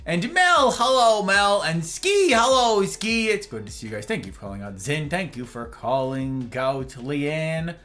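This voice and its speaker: A man's voice: on the high side, very animated, a little slow, few pauses, pushed and bright. A man streaming from home, chatting casually and greeting his viewers by name with playful flourishes. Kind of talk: casual livestream chat.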